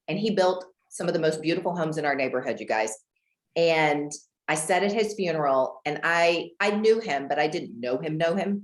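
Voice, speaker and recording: A woman from Houston, Texas, coaching a group on a video call, animated and acting out dialogue with big pitch jumps. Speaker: guest real estate coach. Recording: roomy echo.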